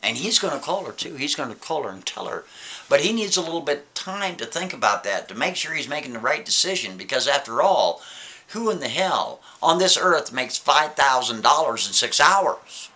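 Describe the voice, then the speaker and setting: Male storyteller, chatty and animated, forceful bright voice, checks in constantly. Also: mid-range voice, moderate pace. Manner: casual, keeps asking "right?". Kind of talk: spooky story narration.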